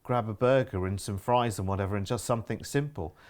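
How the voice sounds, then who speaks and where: A man's voice: on the low side, a little fast, a little mellow. A man co-presenting cruise deals on TV, easygoing and a little hesitant, with repeats between thoughts. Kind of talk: relaxed sales chat.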